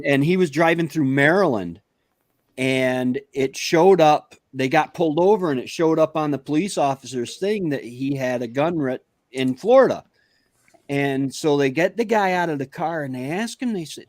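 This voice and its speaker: A man's voice: medium pitch, darkish tone. A man telling a rambling anecdote in casual chat on a livestream.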